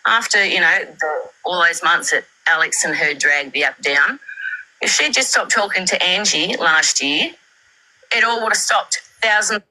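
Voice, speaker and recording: Very bright-voiced woman giving measured criticism. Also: fairly low pitch, lively intonation, poor audio. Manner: measured, repeats points, many fillers. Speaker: guest commentator on a live stream. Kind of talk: critical commentary in a live chat.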